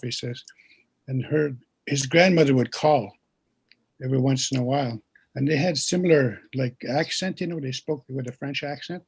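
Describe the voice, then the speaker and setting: Gravelly, husky storytelling man. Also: medium pitch, normal speed. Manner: gentle storyteller who has listeners repeat words. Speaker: guest speaker and pipe keeper. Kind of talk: storytelling teaching talk.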